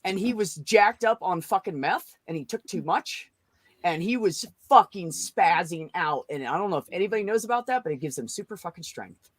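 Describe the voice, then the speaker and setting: A woman hosting a casual group chat, telling a story in an animated, profane way. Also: on the low side, normal speed, dry recording, clean studio sound. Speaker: show host.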